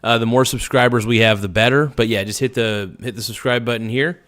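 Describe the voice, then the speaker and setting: A livestream host with a medium-pitched, steady, slightly bright voice reads viewer comments aloud and answers them briskly in a blunt, rambling way. The casual stream has clean studio sound with no room echo.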